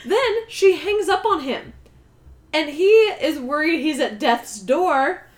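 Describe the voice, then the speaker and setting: A young adult woman co-hosting a casual chat, retelling a movie in lively detail and acting out the characters' lines. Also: high-pitched, slow pace. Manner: lively storyteller who acts out the characters' lines. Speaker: podcast co-host.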